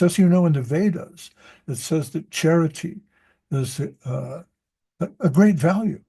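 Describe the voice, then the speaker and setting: A man's voice: a little high, lively intonation, unhurried, mellow, husky. A man who teaches reading, talking in a loose, rambling way at a group meeting and often restarting his sentences. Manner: rambling, self-interrupting storyteller. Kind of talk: casual group discussion.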